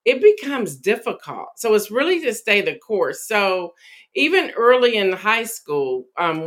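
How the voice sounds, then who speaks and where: A woman in an interview, reflectively talking about her faith with frequent pauses and ums. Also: on the low side, a bit bright. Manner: reflective, hesitant with many ums. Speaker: interview guest. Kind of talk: casual faith testimony interview.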